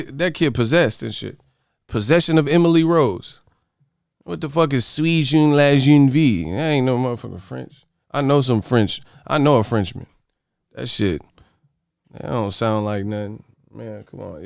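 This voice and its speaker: A man's voice: mid-range voice, creaky, no echo, clean studio sound. A man hosting a livestream, reading the chat aloud and ranting at viewers in a profane, mocking way. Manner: profane, mocking, animated rants. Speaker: host.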